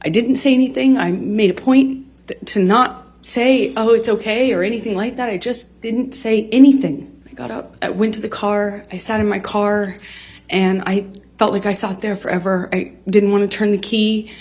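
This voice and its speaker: A woman in her thirties testifying in court, halting and restarting often with many fillers. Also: mid-range voice, fairly even intonation, darkish tone, husky.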